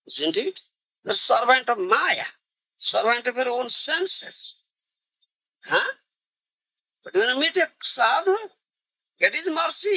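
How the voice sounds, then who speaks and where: A man's voice: very high voice, vocal fry, bright, forceful tone, husky, no echo, rough recording. A man giving a devotional lecture, emphatic and forever checking in with his listeners. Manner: emphatic, keeps checking in with "you understand?" and "huh?". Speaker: spiritual teacher. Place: lecture hall in India.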